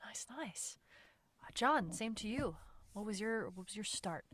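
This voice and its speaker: A woman's voice: mid-range voice, animated, a little slow, fairly bright tone. A woman hosting a podcast chat, passing the turn and cheering guests on.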